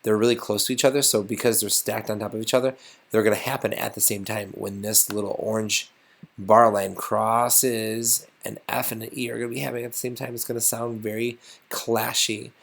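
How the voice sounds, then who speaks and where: A man's voice: on the low side, level tone, a little fast, creaky. A man teaching a casual music lesson, thinking aloud and getting enthusiastic as he composes.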